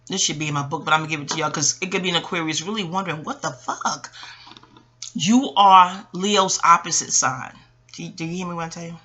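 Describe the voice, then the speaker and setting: Bright-voiced woman in her forties. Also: lowish voice, fairly quick, slightly rough. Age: 40s. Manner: animated, profane, laughing asides. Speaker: astrologer. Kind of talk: casual rambling monologue.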